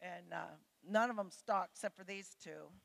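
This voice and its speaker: A woman's voice: on the low side, moderate pace, gravelly, fairly bright tone. A middle-aged woman, a pastor's wife, giving a conversational sermon to her church, full of family stories and told in a chatty, candid way. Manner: chatty and candid, with laughs and mimicked voices.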